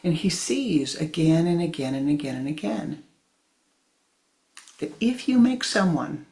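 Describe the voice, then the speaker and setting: A woman spiritual teacher giving a sermon, telling a story in a deliberate way and acting out its voices. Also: low-pitched, animated, darkish tone.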